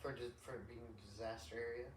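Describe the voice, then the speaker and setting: A man's voice: mid-range voice, little pitch movement, fast, slight background noise. A man hosting an unscripted podcast, talking in an emphatic, slangy, rambling way. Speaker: podcast host. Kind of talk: unscripted casual chat. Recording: echoey room, distant mic.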